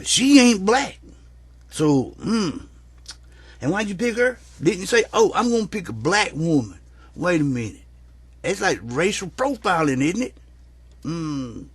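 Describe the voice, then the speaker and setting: A man's voice: high-pitched, husky, no room sound. A man delivers a rambling, profane, folksy rant as a comic vlogger. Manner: rambling, profane, drawling storyteller.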